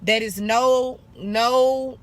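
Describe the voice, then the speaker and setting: A woman's voice: a little high, fairly even intonation, drawn-out words. A young woman from Arkansas, giving blunt, sassy business advice in a casual vlog and calling viewers honey and baby. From Arkansas, USA. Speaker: esthetician vlogger.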